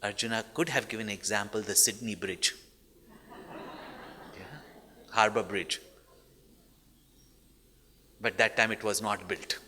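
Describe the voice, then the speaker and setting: A man's voice: on the low side, fairly even intonation, slow, pauses often, pushed and bright. A man, a spiritual teacher, telling stories in a discourse and checking in with the listeners through constant "hmm?" and "no?" tags. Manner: frequent questioning "hmm?" and "no?" tags. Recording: long hall reverb.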